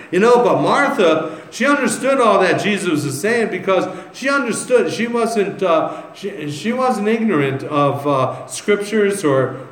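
A man's voice: high voice, a bit bright. A man preaching a sermon, reading scripture aloud and then telling stories in a loose, conversational way. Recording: echoey room with faint ambience.

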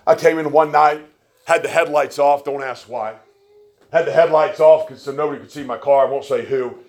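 A man preaching a sermon, telling stories with folksy, joking asides and swinging between quiet remarks and loud emphasis. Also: on the high side, steady tone, moderate pace.

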